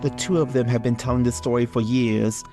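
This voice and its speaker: A man's voice: mid-range voice, steady tone, mellow, faint music behind. Joking man reading a horror tale. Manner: reads with theatrical pauses and jokey asides. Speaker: podcast co-host. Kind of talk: casual chat and dramatic story reading.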